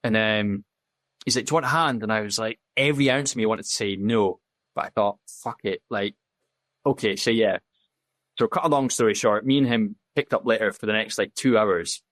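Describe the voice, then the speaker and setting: A man's voice: lowish voice, moderate pace, fairly bright tone, no room sound. A man, a podcast guest telling his story in candid, casual talk, blunt and full of swearing, acting out the dialogue he quotes. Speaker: podcast guest, safety officer.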